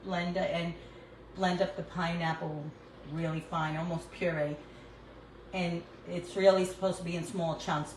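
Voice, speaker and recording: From her home kitchen, an older woman with a New York accent hosts a casual cooking livestream, chatting to her phone and laughing often as she cooks. Her voice is on the low side, and the room sounds echoey with faint background noise.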